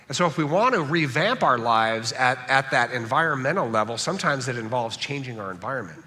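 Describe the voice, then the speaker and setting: A man from Southern California preaching a sermon as pastor, animated and joking, often checking in with "right?". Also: mid-range voice. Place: large church hall. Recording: echoey church hall.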